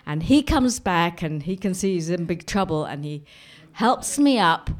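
A woman's voice: on the low side, animated, unhurried. A woman telling a personal anecdote in a vivid, dramatic way, often repeating herself. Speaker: storyteller.

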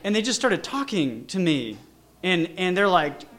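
Speaking at normal speed, this man has a high, bright voice with lively intonation. His personal story comes out in a casual ramble, packed with "like" and "you know" and frequent false starts.

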